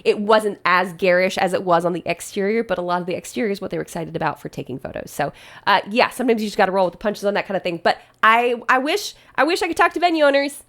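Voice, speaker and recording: A woman's voice: medium pitch, quick pace, a bit bright. A woman wedding planner reacting to posts in casual, chatty commentary, laughing often.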